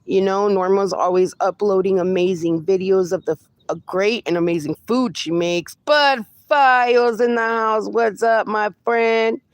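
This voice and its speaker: A woman's voice: medium pitch, unhurried, few pauses, no echo. A woman hosting a casual livestream from her fenced yard, cooing baby talk at her dogs between replies to viewers. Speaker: livestream host.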